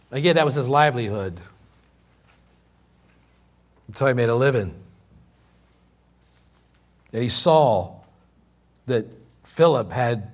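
A man delivers a sermon at an ordinary middle pitch, teaching from scripture in an unhurried way. He drives his points home by repeating lines and stretching out key words, with the occasional filler and restart. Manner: repeats key lines for emphasis, with many slow, drawn-out words. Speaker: pastor.

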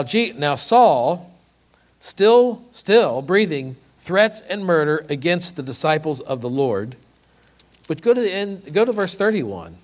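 Slow, earnest male preacher. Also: fairly high pitch. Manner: earnest, repeats and restarts words, rhetorical questions. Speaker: pastor. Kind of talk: sermon.

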